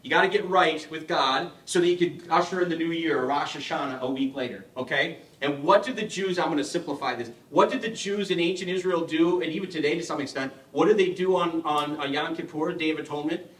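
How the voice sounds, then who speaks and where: A man's voice: fairly high pitch, a little fast, hardly any pauses, fairly bright tone. Middle-aged man teaching in an echoey hall. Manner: humorous, asks the audience questions. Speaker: parish adult education speaker. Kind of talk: conversational teaching talk. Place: parish hall. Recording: echoey hall, mic far off.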